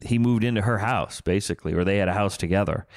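A man's voice: lowish voice, fast talker, no room sound, clean studio sound. A man in his fifties talking casually about albums, rambling with many restarts and retold stories. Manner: rambling, full of restarts, retells stories with quotes. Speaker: podcast co-host. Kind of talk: casual music chat.

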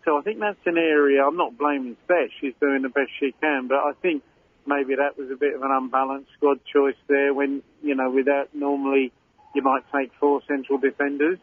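A man's voice: medium pitch, flat delivery, normal speed, breathy edge, no room sound. Cockney man pundit on a tinny phone line. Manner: chatty, rambling analysis with fillers. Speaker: football pundit. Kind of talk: casual radio chat.

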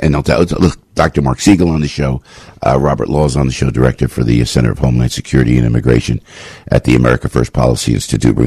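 A male radio host delivering a rambling, sarcastic monologue full of mocking rhetorical questions and sudden leaps up in pitch. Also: creaky, mellow, breathy edge, no room sound, studio quality. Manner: rambling, with frequent restarts and asides.

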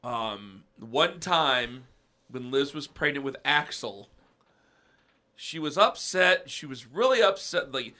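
Booming, bright-voiced chatty man. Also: sing-song, takes it slowly. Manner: rambling, self-deprecating, lots of restarts. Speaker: podcast co-host. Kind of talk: casual chat.

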